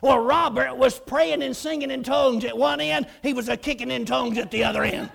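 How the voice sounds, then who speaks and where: Man, preacher, gravelly, husky, very high-pitched, animated storytelling sermon. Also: brisk. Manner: animated, acts out voices, shouts and laughs.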